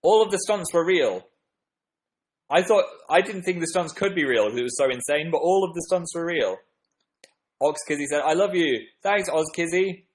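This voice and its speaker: A man's voice: fairly high pitch, animated, normal speed, rough recording. A young man hosting a casual livestream, reading viewer comments in a playful, self-deprecating, rambling way. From northern England. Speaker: livestream host.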